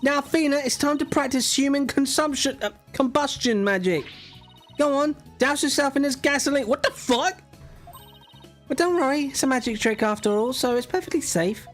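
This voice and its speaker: A man's voice: very high voice, normal speed, fairly bright tone, faint music behind, voice pushed up. A man voicing a mischievous, cheerful young girl magician in a teasing, sing-song way as he reads game dialogue aloud.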